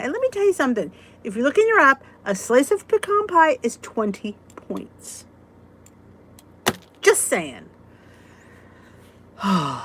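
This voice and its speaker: Chatty woman with a lively voice, host of a live chat. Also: a little high. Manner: chatty, exclaiming, quick to vent and laugh. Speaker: host of a live weight-loss support chat. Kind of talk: casual live-stream chat reading comments.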